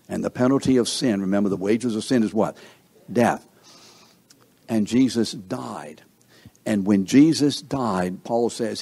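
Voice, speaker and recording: A man preaching a sermon, asking the congregation questions and swinging between emphatic and hushed delivery. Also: fairly low pitch. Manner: call-and-response questions to the congregation.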